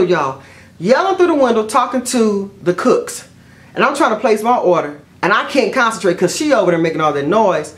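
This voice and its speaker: A middle-aged woman, telling stories to camera in a chatty, expressive way and often saying "y'all.". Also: mid-range voice, normal speed. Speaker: vlogger. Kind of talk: casual storytelling to camera.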